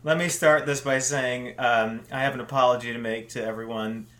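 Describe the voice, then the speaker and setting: A man's voice: mid-range voice, steady tone, over a noisy crowd. A man co-hosting a podcast in casual chat, joking and teasing. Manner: joking, teasing, quick to laugh. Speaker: podcast co-host.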